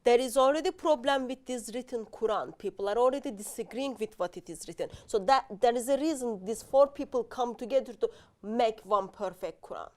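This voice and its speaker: A woman guest explaining her view in a discussion, halting and restarting often. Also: fairly high pitch. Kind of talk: casual discussion.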